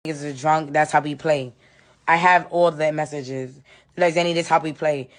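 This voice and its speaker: A woman tells what happened to her on a live video, upset and insistent, and she keeps repeating her points. Her voice sits somewhat low for a woman. She speaks in a casual, emphatic way. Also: fairly even intonation, normal speed. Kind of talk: recounting an ordeal on a live video.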